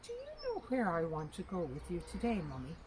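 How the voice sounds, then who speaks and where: A woman's voice: wildly swooping pitch, normal speed, noisy background. A woman voicing a small, willful, jealous boy in a storybook reading. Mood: eager. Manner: high, insistent child's pleading.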